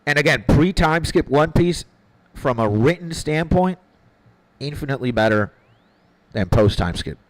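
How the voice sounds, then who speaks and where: A man's voice: on the high side, expressive, unhurried, pauses often, dry recording, low-quality recording. A man streaming a game, chatting casually with his viewers, opinionated and swearing freely, often repeating himself as he gathers his thoughts. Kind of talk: casual live-stream chat, answering viewers.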